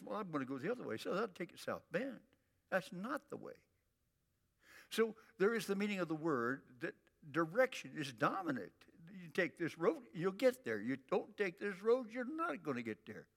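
An older man preaching a sermon in a folksy, emphatic way, drawing out repeated phrases slowly. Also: a little high, creaky, fairly bright tone, long reverb tail. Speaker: pastor.

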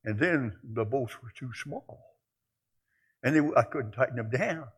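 An older man preaching a sermon, telling folksy stories and moving between quiet musing and loud exclaiming. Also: medium pitch, expressive, a little slow, slightly rough. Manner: folksy storytelling.

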